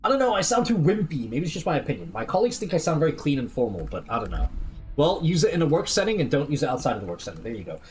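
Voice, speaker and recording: Lively man streaming a game. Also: fairly high pitch, very fast, slight background noise. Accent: American, slipping toward British. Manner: casual, reads chat and in-game documents aloud. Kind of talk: casual gameplay livestream chat.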